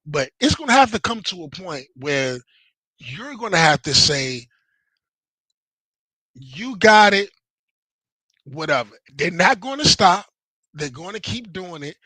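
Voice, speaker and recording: A man's voice: high voice, sing-song, unhurried, pauses often, pushed and bright, breathy edge, no room sound, poor audio. A man on a podcast, talking heatedly and profanely, repeating himself and acting out quotes. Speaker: podcast host. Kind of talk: heated casual chat.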